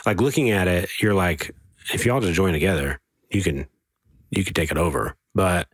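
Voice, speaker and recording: Deep-voiced guy chiming in on a movie chat, halting, dry sound. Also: slightly rough, no echo. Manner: relaxed, halting, with restarts. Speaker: podcast co-host. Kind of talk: casual chat.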